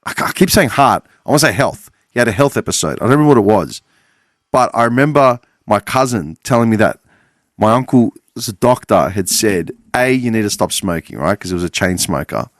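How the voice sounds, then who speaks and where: A man's voice: on the low side, expressive, a little fast, no echo, studio quality. A man in his forties hosting a podcast, talking in a casual, meandering monologue full of swearing and self-corrections. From Australia. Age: 40s. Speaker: podcast host.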